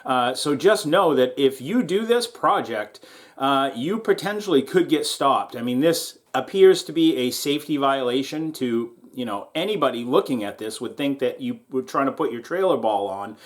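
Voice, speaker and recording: A middle-aged man hosts a YouTube welding channel, mixing casual how-to talk with stories, laughing often and calling his viewers "guys." He's partly outdoors in strong wind, speaking in an animated mid-range voice at a moderate pace.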